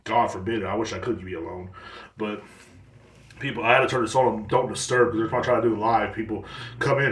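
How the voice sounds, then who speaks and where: A man's voice: lowish voice, fairly even intonation, a little fast, echoey room, distant mic. A man in his thirties hosting a casual solo podcast, rambling and blunt, with lots of swearing. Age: 30s. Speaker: podcast host.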